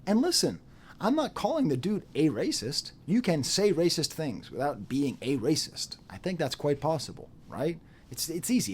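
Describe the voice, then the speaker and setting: Guy ranting on his channel, super lively up and down voice, repeats stuff for emphasis. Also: on the high side, normal speed, slight background noise. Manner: animated, repeats phrases for emphasis, mocking quoted voices. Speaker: YouTube commentator. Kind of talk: unscripted commentary monologue.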